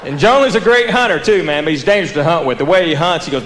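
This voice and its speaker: A man's voice: a little high, lively intonation, rapid-fire, a bit bright. A man with a Southern American accent doing a stand-up comedy routine, telling drawling stories and laughing at his own punchlines. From United States. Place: theater stage before a live audience. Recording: roomy theater with audience laughter and background noise.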